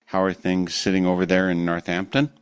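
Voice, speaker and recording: A man hosting a radio interview show, reading a scripted introduction and then asking measured, thoughtful questions. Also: sits low, completely flat delivery, smooth, no room sound.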